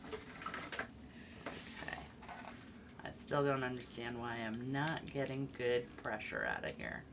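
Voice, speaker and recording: A woman's voice: rumbling low, steady tone, moderate pace, noisy background. A woman streaming while painting miniatures, chatting casually and rambling with fillers. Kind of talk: casual chat.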